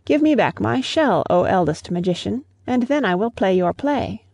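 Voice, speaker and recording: A storyteller voicing a bargaining crab that boasts once it shrinks small and green, with a gravelly, husky voice. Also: mid-range voice, expressive, normal speed, a little mellow, no echo. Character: proud soft-shelled crab shrinking to a tiny green crab.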